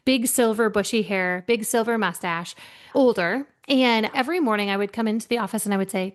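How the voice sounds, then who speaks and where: A middle-aged woman coaching on leadership tells her stories with energy, slipping into the voices of the people she quotes. Her voice sits at an ordinary middle pitch. She talks like a podcast guest in easy conversation. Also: a little fast. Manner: animated storyteller, acts out quoted voices. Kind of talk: storytelling in a podcast interview.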